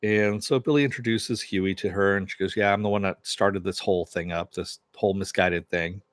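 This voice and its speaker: A man's voice: sits low, fairly even intonation, a little fast, no room sound, studio quality. A man casually recapping a TV episode, retelling scenes loosely with lots of fillers and quoted lines. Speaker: TV show reviewer.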